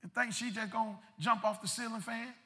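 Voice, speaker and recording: A male pastor preaching a sermon, repeating words and building up to shouted peaks. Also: extremely high pitch, steady tone, brisk. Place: church sanctuary. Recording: long reverb of a church hall.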